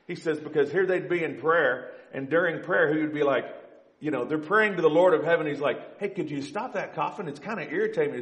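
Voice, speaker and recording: A man preaches in a relaxed, conversational way, talking straight to his congregation and livening up when he jokes. His voice sits at an ordinary middle pitch, and the big church room around him adds a clear echo. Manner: conversational, animated when joking. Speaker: pastor. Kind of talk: sermon. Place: church sanctuary with stage lights.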